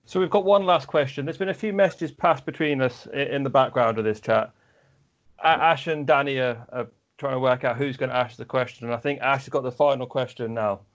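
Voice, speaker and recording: A man hosts a casual podcast, keeping things moving and closing out the episode. His voice sits at a middle pitch for a man. The audio is a bit dull and lo-fi. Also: brisk. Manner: steers the talk, wraps up the episode. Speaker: podcast host.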